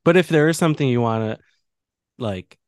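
A man's voice: medium pitch, fairly quick, dry recording, clean studio sound. Easygoing Chicago man, podcast co-host. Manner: easygoing, many fillers, playful. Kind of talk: casual chat.

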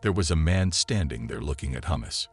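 Very deep-voiced man narrating calmly. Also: a little fast, slightly rough. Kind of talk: scripted narration of a listener's story. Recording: soft music behind the voice.

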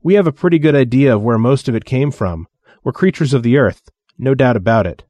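A man putting on a blunt exobiologist in a spoken story. He talks briskly and plainly, with a mellow, dry tone. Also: medium pitch, expressive, no echo, pitched above the performer's own voice, natural voice. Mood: matter-of-fact. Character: blunt male exobiologist, matter-of-fact.

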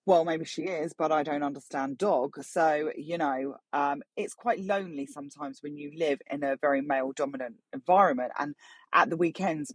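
Woman, middle-aged, podcast host, casual storytelling, sweary and animated, breathy voice, dry close sound. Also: deep voice, dry recording.

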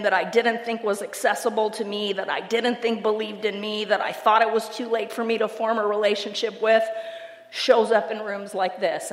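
A woman speaking earnestly to a conference crowd, filling her talk with "like" and "you guys.". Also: medium pitch. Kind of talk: heartfelt recovery share. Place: large conference hall. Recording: echoey hall.

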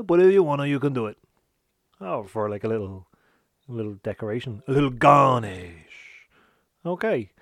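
A man's voice: mid-range voice, no echo, clean studio sound, natural voice. A man voicing a rude, swearing male cocktail chef whose put-on accent keeps shifting. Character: foul-mouthed aggressive male cocktail chef.

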